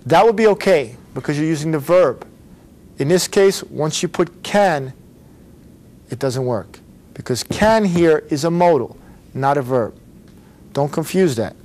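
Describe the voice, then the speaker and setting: A man's voice: a little high, lively intonation, a little slow, pauses often, a little mellow. A man teaching an English grammar lesson, patiently explaining and repeating model phrases for learners to say back.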